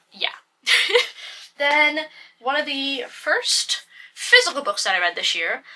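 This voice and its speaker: A woman's voice: a little high, pushed and bright. A young woman reviewing a book casually, exasperated and swearing, with lots of "like".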